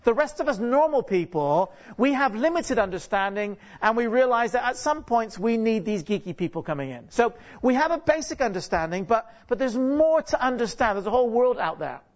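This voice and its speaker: Speaking a little fast with few pauses, this guest preacher has a very high-pitched voice that swings widely in pitch. His sermon is conversational and full of jokes, peppered with rhetorical questions to the congregation, restarted sentences and repeated words. It's captured on a dull lo-fi recording.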